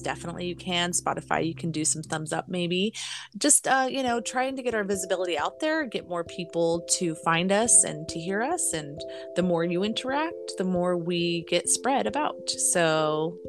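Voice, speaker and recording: A woman co-hosting a podcast in casual chat, laughing often and filling pauses. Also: lowish voice, expressive, over music. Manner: giggly, chatty, lots of fillers. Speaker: podcast co-host. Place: in California.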